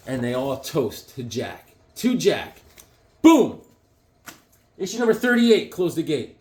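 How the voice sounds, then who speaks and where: A man talking casually and excitedly, rambling through his collection with lots of fillers and restarts. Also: fairly high pitch, measured pace, pauses often. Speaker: comic book collector reviewing issues. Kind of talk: casual show-and-tell vlog.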